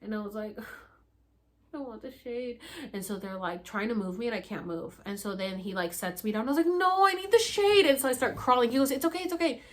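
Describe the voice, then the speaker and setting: A young woman vlogger telling a story casually and animatedly, acting out her own pleas in high, loud bursts and swearing freely. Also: animated, fast talker.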